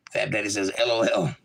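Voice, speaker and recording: A livestream host with a Southern drawl from Georgia, chatting easily with his viewers as he reads their messages out. His voice has a gravelly edge to it. The tone stays bright and forward throughout. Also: lowish voice, rough recording. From Georgia, USA. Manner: laid-back, reads chat messages aloud and replies. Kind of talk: casual livestream chat, reading comments aloud.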